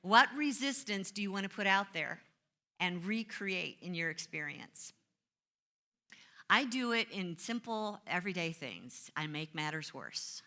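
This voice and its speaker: Middle-aged woman minister, bright clear tone, chatty sermon, pokes fun at herself. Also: on the low side, very animated, unhurried. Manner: conversational, self-mocking storytelling with acted-out complaints.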